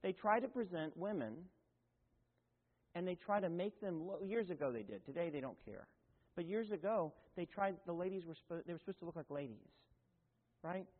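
A man preaches, his voice sitting high for a man. He talks in a folksy, chatty way, full of asides and restarts. The sound is thin and phone-like, ringing in a long-echoing hall. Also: animated, moderate pace. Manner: folksy and conversational, with asides and self-corrections. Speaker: pastor. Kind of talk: sermon.

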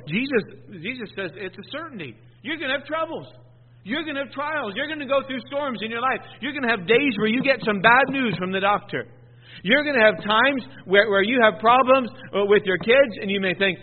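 A man preaching a sermon, swinging between hushed and loud, often repeating and stumbling over words. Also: sits high, brisk. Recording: tinny phone-like sound in a long echoing hall.

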